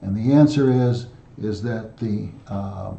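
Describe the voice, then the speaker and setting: A man teaching an Ancient Greek lesson in a patient, methodical way, pausing often with fillers and restarts. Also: lowish voice, vocal fry, dark tone. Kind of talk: recorded language lesson. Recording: echoey room, dull lo-fi sound.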